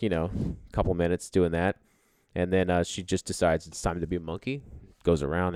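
Deep-voiced man, rambling profane storytelling. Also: darkish tone, no room sound. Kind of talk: casual storytelling.

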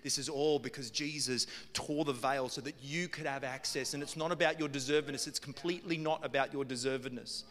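A man's voice: mid-range voice, fairly bright tone. A man preaching a sermon, telling a story in a humorous, conversational way. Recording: long hall reverb with music behind.

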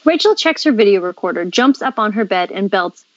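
A woman co-host reading script stage directions aloud in a brisk, matter-of-fact way. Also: medium pitch, animated, no echo, dull audio. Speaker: podcast co-host.

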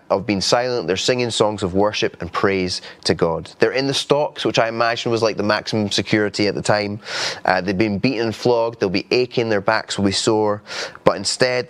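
A man's voice: on the low side, a bit bright. A man preaching a sermon in an earnest, conversational way, with frequent restarts. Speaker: pastor.

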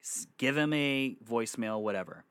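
Guy quoting his wife, pushy matter-of-fact young woman, bright dry sound. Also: mid-range voice, expressive, moderate pace, smooth, no room sound, close to an everyday voice. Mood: urging. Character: supportive young wife, urging.

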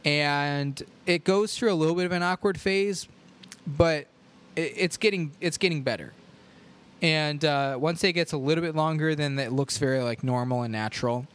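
A young man hosting a podcast, chatting casually in a rambling, jokey way with animated asides. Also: a little high, moderate pace, smooth. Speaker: podcast host. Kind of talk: casual solo podcast chat.

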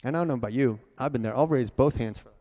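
A young man preaching a casual, energetic sermon, talking to the congregation and rallying them to repeat after him. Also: medium pitch, fast. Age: young adult. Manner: energetic, conversational, rallies the crowd to repeat. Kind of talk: youth sermon. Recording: long hall reverb.

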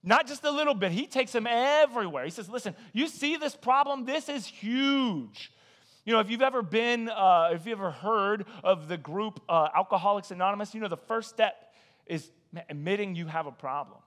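A man preaching a sermon as a guest speaker, conversational and animated, telling stories with acted-out quotes and repeating "man" and "listen". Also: high-pitched, normal speed.

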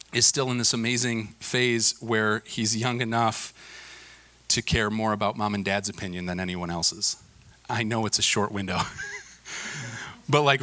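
Male pastor, thirties, sermon delivery, bright forceful tone, earnest with emphatic swells. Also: mid-range voice. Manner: earnest, building to emphatic peaks then dropping soft.

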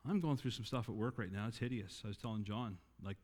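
Earnest male preacher in a reverberant hall. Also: darkish tone. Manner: earnest, rises in pitch and volume for emphasis, slows on key lines. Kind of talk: sermon.

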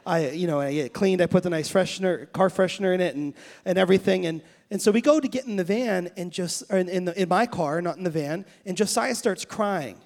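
A man in his thirties preaches a sermon in a notably high voice. He tells stories in a loose, self-interrupting way, often restarting his sentences. He then rises into fervent, emphatic preaching. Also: a little fast, few pauses, a little mellow. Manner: anecdotal storytelling with many restarts. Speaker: pastor.

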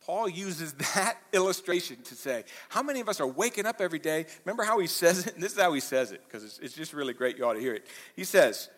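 A man preaching a sermon as pastor, swinging between quiet, low asides and loud, impassioned bursts. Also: lively intonation, quick pace, few pauses. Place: church auditorium. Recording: reverberant church hall.

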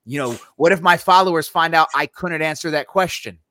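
A man co-hosting a live-streamed podcast, talking emphatically and acting out quick bits of imagined dialogue. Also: a little high, pushed and bright, no echo, clean studio sound. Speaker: podcast co-host.

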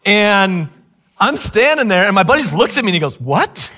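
Bright, high-voiced storytelling pastor. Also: male voice, moderate pace. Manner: animated, acts out quoted voices, laughs often. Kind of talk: sermon-style storytelling.

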